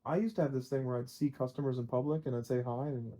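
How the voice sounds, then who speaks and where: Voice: medium pitch, fairly even intonation, quick pace, mellow. Laid-back liquor store worker guest. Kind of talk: casual chat.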